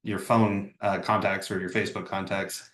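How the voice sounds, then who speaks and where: A man's voice: low-pitched, flat delivery, moderate pace, a bit bright. Casual man teaching, echoey room. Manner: casual, talkative, acts out sample phone messages. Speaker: real estate trainer. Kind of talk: live online training session.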